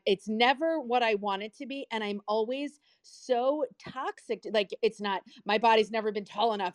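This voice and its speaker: A woman's voice: fairly high pitch, no echo, studio quality. A woman in her forties hosting a motivational talk room, speaking earnestly in a rambling way with frequent restarts. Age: 40s. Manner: earnest, rambling, with self-corrections. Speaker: host of an audio room.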